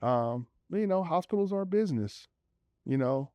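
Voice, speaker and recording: A man telling his own story in a relaxed, conversational way, with many fillers and acted-out quotes of other people. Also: on the high side, normal speed, dry recording, studio quality. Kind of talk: personal storytelling.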